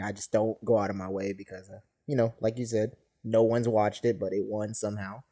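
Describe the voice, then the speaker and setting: A man's voice: fairly low pitch, little pitch movement, a little fast, hardly any pauses, mellow. A man co-hosting a casual podcast chat, laughing often between his remarks. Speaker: podcast co-host.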